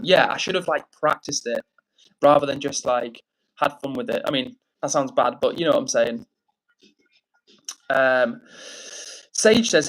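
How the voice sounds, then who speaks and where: A man's voice: fairly high pitch, poor audio. A man hosting a casual live stream on his phone, chatting and reading out viewer messages. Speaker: livestream host.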